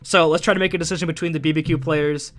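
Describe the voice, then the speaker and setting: A man doing play-by-play commentary as an esports caster, excitable and rising to shouts on big plays. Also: on the high side, racing.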